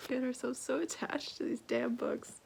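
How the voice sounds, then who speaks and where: A young woman chatting casually in a book vlog, stuffy-nosed from crying, emotional and laughing often, sometimes dropping to a soft whisper. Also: high-pitched, fairly even intonation, moderate pace, vocal fry, breathy edge. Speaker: book vlogger.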